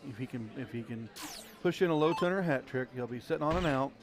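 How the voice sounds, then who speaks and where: A man with an Ozark accent calling a darts match live, folksy, chatty and excitable. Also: mid-range voice, fast talker, background noise. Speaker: darts commentator. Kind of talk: live play-by-play commentary. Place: darts venue. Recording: crowd chatter behind.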